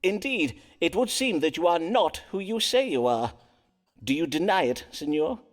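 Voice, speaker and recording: An actor playing a proud, suspicious Elizabethan astrologer-doctor in a game, speaking in formal archaic English. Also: male voice, on the high side, big pitch swings, moderate pace. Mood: accusing. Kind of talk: game voice acting.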